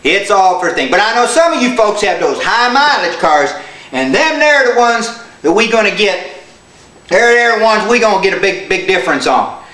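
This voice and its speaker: A man's voice: high voice, very animated, normal speed, bright, forceful tone, roomy sound, poor audio. A man giving a goofy, comedic how-to on checking tire pressure, talking in folksy country slang and breaking into hammy whoops and yelps. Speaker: comic tire-check demonstrator.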